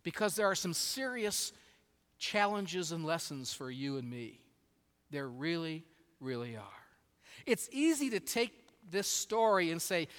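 Brief: expressive preacher mid-sermon in a large hall, high voice, long reverb tail. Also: male voice, a little slow. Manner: animated storytelling with shifting volume. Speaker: pastor.

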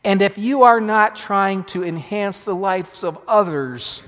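A pastor preaches in a fairly high-pitched voice, leaning into some phrases and dropping others to a near hush. His voice carries with the long reverberation of a large church hall. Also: unhurried, few pauses. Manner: emphatic, dramatic shifts in loudness. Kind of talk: sermon.

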